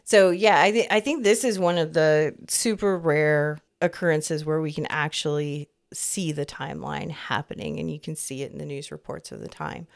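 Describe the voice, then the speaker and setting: A woman's voice: low-pitched, moderate pace, vocal fry, hardly any pauses. A woman in her fifties co-hosting a podcast, chatting in a rambling, easygoing way and laughing often. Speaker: podcast co-host. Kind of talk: casual chat.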